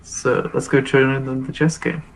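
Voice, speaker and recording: A man playing a tabletop game in a relaxed, joking way, with a medium-pitched voice. A faint hiss of background noise sits under his voice. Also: moderate pace, poor audio. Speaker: player. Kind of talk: casual tabletop play.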